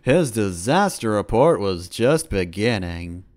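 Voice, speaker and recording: A man playing a grand, mock-ominous male trailer narrator, speaking slowly and theatrically. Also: on the low side, big pitch swings, darkish tone, dry recording.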